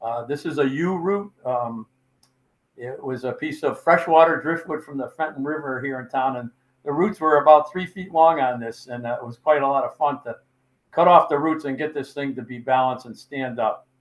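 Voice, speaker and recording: A man's voice: mid-range voice, moderate pace, rough recording. Older guy showing off his carvings, rambly and folksy, lots of uhs. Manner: folksy, rambling, with many fillers. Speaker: sculptor presenting his work. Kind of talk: casual show-and-tell talk.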